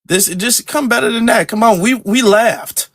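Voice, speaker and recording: A man's voice: extremely high pitch, moderate pace, dry recording. A man hosting a live podcast, chatting casually, joking and repeating himself for emphasis. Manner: joking, animated and repetitive. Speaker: podcast host. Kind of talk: casual live-stream chat.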